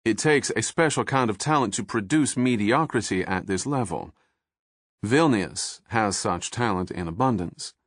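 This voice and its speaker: A man voicing a cool, sly, cultured male FBI agent who speaks in a measured, precise way. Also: fairly low pitch, lively intonation, no room sound, studio quality. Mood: wry.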